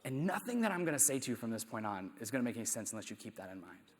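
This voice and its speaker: A man's voice: mid-range voice, very animated, rapid-fire, a little hiss or hum. Man telling stories in an echoey hall. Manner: conversational, rhetorical questions, self-deprecating asides. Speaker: math teacher giving a conference plenary talk. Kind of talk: storytelling conference talk. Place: conference hall.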